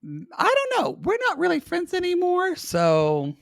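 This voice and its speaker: A man's voice: extremely high pitch, huge pitch swings, moderate pace, creaky, no echo, clean studio sound. A man co-hosting a casual podcast, teasing his co-host and laughing often.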